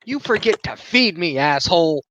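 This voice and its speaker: A man voicing a small, demanding pocket dragon that whines and scolds loudly. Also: fairly high pitch, lively intonation, moderate pace, dull audio, slight background noise. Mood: indignant. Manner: whiny, brash and scolding.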